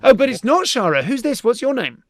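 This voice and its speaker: Animated, giggly British male podcast host. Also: extremely high pitch, fairly quick, dry recording, studio quality. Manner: chatty, giggly, swearing, greets viewers. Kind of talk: live-streamed comedy chat.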